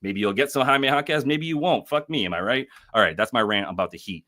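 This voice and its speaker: A man's voice: mid-range voice, lively intonation, fast talker, sharp tone. A man hosting a live sports betting stream, talking loosely and profanely with lots of fillers and self-corrections. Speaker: sports betting show host. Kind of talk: casual live-stream commentary.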